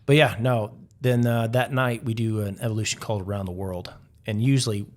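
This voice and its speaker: A man's voice: lowish voice, fairly even intonation, brisk. A man, a podcast guest, casually telling rambling stories, full of "like" and restarts. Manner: rambling, heavy use of "like". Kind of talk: casual storytelling.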